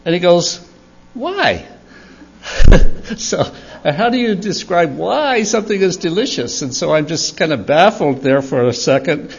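An older man with a husky voice tells a church story for children, unhurried and chuckling. His pitch rises and falls with lively animation. The recording sounds dull and lo-fi. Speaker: church speaker.

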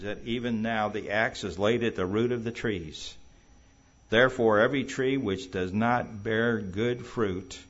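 Emphatic male preacher, slightly dull recording. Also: on the low side. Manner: emphatic, rising and loud on quoted scripture. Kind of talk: sermon. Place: church hall.

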